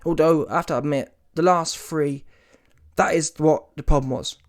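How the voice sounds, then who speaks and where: A man with a fairly high voice, speaking at normal speed, gives ranting commentary reacting to a boxing bout. He's animated and emphatic, often mocking, using casual street slang and swearing, at times rising to mocking shouts.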